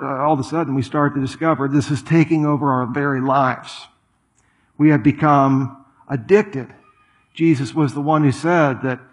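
Man, middle-aged pastor, sermon, casual asides, slightly high voice. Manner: conversational preaching with asides and quick repetitions.

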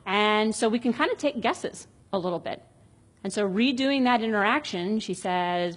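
Husky-voiced woman talking about parenting. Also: medium pitch, lively intonation, normal speed. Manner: reads out example dialogues, chatty and reflective. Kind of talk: casual explanatory talk on parenting.

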